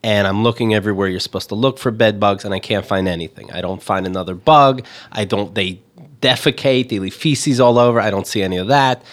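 A man telling a story on a casual podcast, halting and hesitant with many fillers. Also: fairly low pitch.

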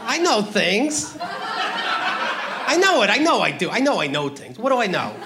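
A man doing a stand-up comedy routine, ranting profanely with sudden loud outbursts. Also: sits high, big pitch swings, a little fast, noisy background.

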